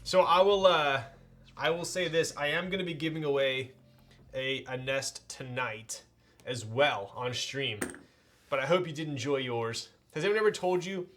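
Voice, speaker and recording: Excitable slangy male streamer. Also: a little high, normal speed. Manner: excitable and slangy, laughs often. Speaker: streamer hosting a keyboard build stream. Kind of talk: casual live-stream chat with viewers.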